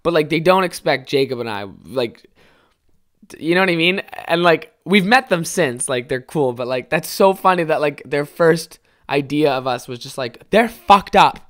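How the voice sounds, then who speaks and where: A young man with a fairly high voice hosting a casual solo podcast, rambling and swearing a lot as he tells stories. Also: moderate pace. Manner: rambling, heavy swearing, animated storytelling. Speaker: podcast host.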